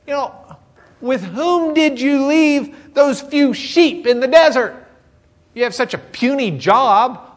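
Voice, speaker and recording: A preacher acting out a scornful, furious older brother. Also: male voice, extremely high pitch, fairly bright tone, pitched above the performer's own voice, exaggerated voice. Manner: scolding, contemptuous. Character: scornful angry older brother, young man.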